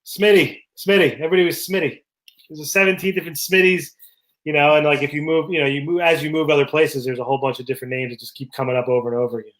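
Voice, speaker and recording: Chatty male co-host, slightly high pitch, casual anecdotes with lots of fillers. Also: steady tone, racing, fairly bright tone. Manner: rambling, anecdotal, frequent fillers. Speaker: podcast co-host. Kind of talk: casual chat.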